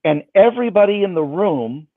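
A man, a magician, telling a story in an animated, jokey way. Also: sits high, normal speed, no echo. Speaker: magician, guest. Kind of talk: casual storytelling. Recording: dry, tinny phone-like line.

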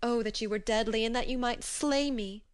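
Sorrowful cave-bound witch, voiced by a woman narrator; smooth, mournful, pleading storybook telling. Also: on the high side, moderate pace, natural voice. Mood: lamenting. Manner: lamenting, pleading. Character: grieving giantess witch, long-toothed and lonely.

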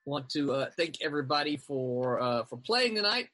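A man hosts a casual group video call, wandering through announcements with lots of fillers. His voice is bright and forceful and a little high. The sound is dry and close. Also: moderate pace, no room sound. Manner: relaxed, rambling, many fillers. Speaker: show host. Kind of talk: casual online group chat.

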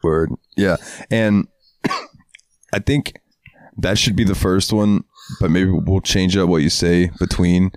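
A man's voice: deep voice, steady tone, slow, pauses often, no echo, clean studio sound. A man co-hosting a podcast in casual chat, laid-back, laughing often. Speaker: podcast co-host.

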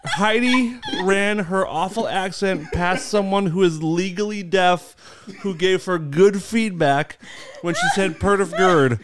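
A man's voice: high-pitched, slow, a crowd in the background. A man hosting a podcast, teasing his co-host with crude jokes and bursts of laughter. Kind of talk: casual chat.

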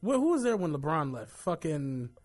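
A man co-hosting a podcast, telling stories in a profane, excitable way and laughing as he goes. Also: a little high, moderate pace, faint music behind. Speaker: podcast co-host. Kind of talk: casual chat, animated storytelling.

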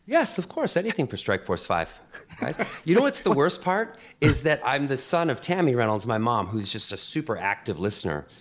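A man's voice: mid-range voice, big pitch swings, brisk, a bit bright. A man joining a podcast as a guest, chatting casually and telling self-mocking jokes and anecdotes. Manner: joking, self-mocking storyteller.

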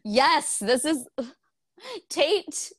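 A young woman with a high-pitched, expressive voice and drawn-out words co-hosts a book club podcast in casual chat, candid, laughing often and swearing freely. The audio is studio quality with no echo.

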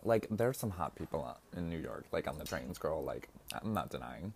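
The young podcast host here has an extremely low, darkish, expressive voice at normal speed, with a little hiss or hum. Recording indoors while eating, he tells personal stories in a casual monologue, chatty and laughing often, with plenty of "like."

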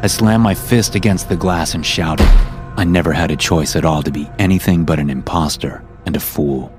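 A man narrating a first-person horror story for a podcast, reading it as a script and lifting his voice for the quoted lines. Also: normal speed. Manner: acts out quoted lines louder and higher. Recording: music playing under the voice.

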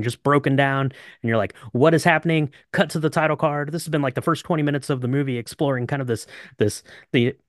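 A man's voice: mid-range voice, dry recording. Guy retelling a movie on a podcast, rambly, um and uh a lot, dry close sound. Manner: rambling, frequent fillers and restarts. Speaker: podcast co-host. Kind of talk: casual movie recap chat.

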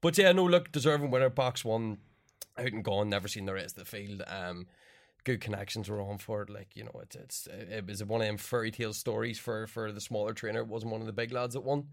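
A podcast co-host with a voice on the low side talks briskly in a casual chat. He is laid-back and fills his speech with plenty of "um" and "like".

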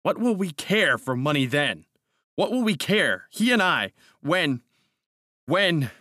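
A man voicing the story's first-person narrator, a grandiose, feverish man whose voice climbs in excited outbursts. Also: unhurried, no echo, studio quality. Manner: rises high and loud in grandiose outbursts.

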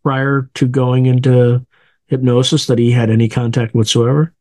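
A man's voice: mid-range voice, flat delivery, normal speed, a little mellow, no echo. A man hosting an interview, asking thoughtful, carefully worded questions. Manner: thoughtful, searching for words while asking. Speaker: interview host.

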